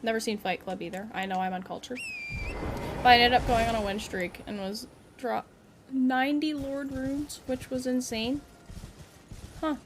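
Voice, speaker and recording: A young woman chats to her viewers as she plays, greeting people and reacting to the game. She is giggly and talkative, and her voice sits a little high. A faint hiss runs under her voice. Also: steady tone, moderate pace, pauses often. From Canada. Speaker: game streamer. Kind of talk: casual live-stream chat while gaming.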